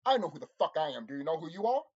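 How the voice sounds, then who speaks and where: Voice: racing, breathy edge. A channel host delivering an angry, profane monologue to viewers, repeating himself and insulting his audience. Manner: lively swings in pitch and loudness. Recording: dull lo-fi recording.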